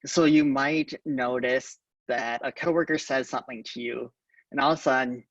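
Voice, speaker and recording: At a conference, a man with a gravelly, medium-pitched voice speaks calmly but haltingly, pausing often with ums. The recording is dry with no echo, dull, and captured far from the mic, like lo-fi event audio.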